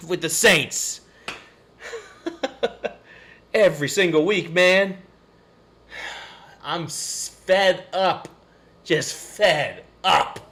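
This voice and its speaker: A man's voice: on the high side, fairly bright tone. A man, hosting a live sports stream and ranting in a frustrated, rambling way. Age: 30s. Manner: frustrated, rambling, cursing and sighing. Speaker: podcast host.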